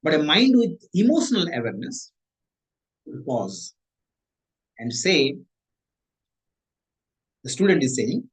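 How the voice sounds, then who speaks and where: Animated male coach. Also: fairly high pitch, slow, long pauses, rough recording. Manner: repeats and rephrases points, animated emphasis. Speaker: mindset coach. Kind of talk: motivational talk.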